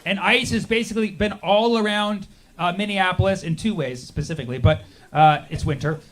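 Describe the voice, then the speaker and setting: A man's voice: sits high, a little fast, fairly bright tone. A man performing a sarcastic stand-up comedy set, acting out the people he quotes. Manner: sarcastic, acts out quoted voices.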